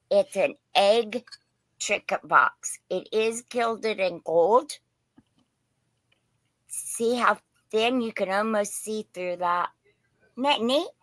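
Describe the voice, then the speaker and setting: Southern Indiana woman, livestream sale host, bright, slow-talking and folksy. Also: on the high side, no echo. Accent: Southern Indiana, mixed with Pennsylvania. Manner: chatty, folksy, rambling. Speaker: host selling vintage glass. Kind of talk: casual live-stream sales chat.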